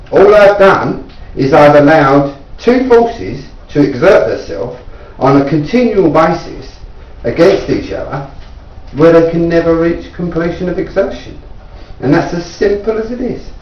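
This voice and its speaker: A man from England, a self-taught inventor, earnestly explaining his device and insistently challenging viewers to prove it wrong, rising in pitch as he pleads. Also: expressive, unhurried, a little mellow. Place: indoors at home. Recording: echoey room, distant mic, dull lo-fi sound.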